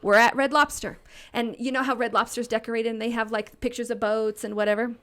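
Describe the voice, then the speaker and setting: A middle-aged woman telling stories as a podcast guest in a casual, lively, blunt way, swearing freely and often laughing. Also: on the high side, a little fast. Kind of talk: casual storytelling.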